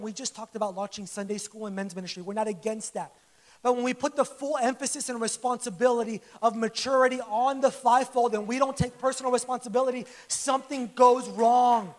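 High-voiced man preaching casually. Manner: conversational, joking preaching with acted-out quotes. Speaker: pastor. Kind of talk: sermon. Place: church service.

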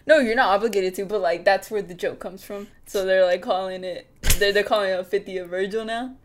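Woman podcast co-host, mid-pitched, loose playful banter, faint hiss behind. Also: fairly even intonation, brisk. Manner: playful, swearing, jokey asides. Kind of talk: casual chat.

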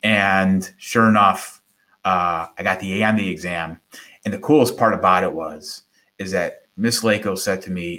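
Middle-aged man guest, lowish voice; animated storyteller who acts out quotes. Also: moderate pace. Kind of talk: conversational storytelling.

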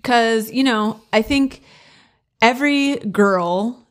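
Chatty woman co-hosting a podcast. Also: on the high side. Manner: chatty, drawn-out phrasing with fillers. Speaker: podcast co-host. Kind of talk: casual chat.

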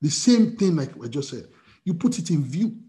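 A man's voice: a little high, sing-song, moderate pace, mellow. A man preaching as pastor, emphatic and repetitive, with many restarts and fillers. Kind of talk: sermon.

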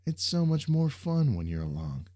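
A man's voice: fairly high pitch, big pitch swings, moderate pace, warm tone, voice pushed up. A man voicing an earnest young male superhero who speaks in an insistent, encouraging way.

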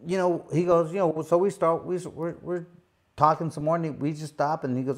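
A man's voice: on the high side, steady tone, normal speed. A man, a former boxing champion, telling a long casual story, full of "you know" and repeated "he goes". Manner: rambling, many fillers and repeated "he goes".

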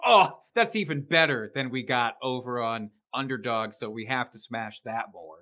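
A man's voice: mid-range voice, normal speed, bright, forceful tone. A man co-hosting a podcast, joking and swearing casually while discussing football. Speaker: podcast co-host. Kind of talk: casual sports betting chat.

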